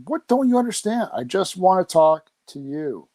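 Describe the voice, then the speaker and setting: A man's voice: high-pitched, very animated, moderate pace, warm tone, dry recording. A man co-hosting a podcast, talking bluntly and getting defensive, with the odd swear. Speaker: podcast co-host. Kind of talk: casual chat.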